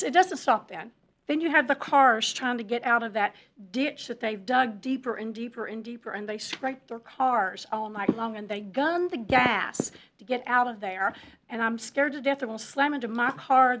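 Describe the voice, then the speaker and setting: Woman resident at a council podium, a little high-pitched, impassioned and emotional, keeps circling back. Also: a bit bright. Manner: impassioned, repeats herself, emotional. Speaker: resident speaking at public comment. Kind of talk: public comment at a council meeting. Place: town council chamber.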